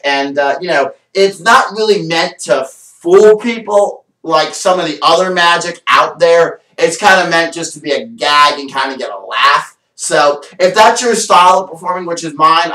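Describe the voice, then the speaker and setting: A man's voice: fairly high pitch, sharp tone, far from the mic. A man doing magic on camera, presenting a card trick with showman patter and then chatting about it in an enthusiastic, rambling way. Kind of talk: performing a card trick then casual vlog chat. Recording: echoey room, voice from away from the mic.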